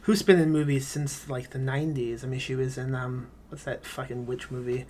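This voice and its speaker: A male screenwriter chatting on a podcast, with a mid-range, ordinary pitch. He rambles through long answers, leaning on filler words and dropping casual swears. The tone stays loose and conversational. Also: steady tone, fairly quick, a little mellow. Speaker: screenwriter guest.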